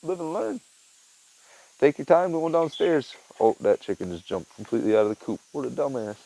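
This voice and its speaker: A man's voice: mid-range voice, moderate pace, gravelly, dark tone. A young man vlogging casually outdoors in a rural backyard, talking into a handheld phone camera in a laid-back, rambling way full of fillers. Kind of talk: casual outdoor vlog talk.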